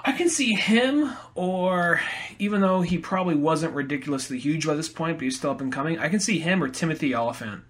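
A man's voice: fairly high pitch, lively intonation, fairly quick, fairly bright tone. A man hosting a podcast, chatting in a laid-back, rambling way and swearing freely. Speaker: podcast host. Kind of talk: casual chat.

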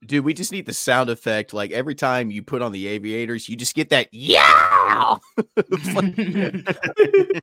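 Teasing man with a lively voice. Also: mid-range voice, no echo. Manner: joking, teasing, quick jabs. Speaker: podcast co-host. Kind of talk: casual group chat.

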